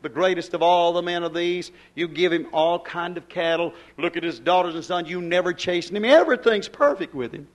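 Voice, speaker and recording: Preacher doing a sneering devil, lower and quieter, snarling. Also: male voice, fairly quick, hardly any pauses, close to an everyday voice. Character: snarling sly male devil, accusing.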